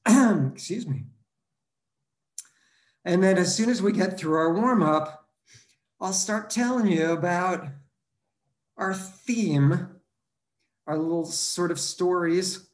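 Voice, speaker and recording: Breathless coach counting reps, echoey room. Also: male voice, sits high. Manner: counts reps aloud, breathless, clears throat. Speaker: running coach. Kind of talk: live workout coaching over video call. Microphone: computer mic on a video call.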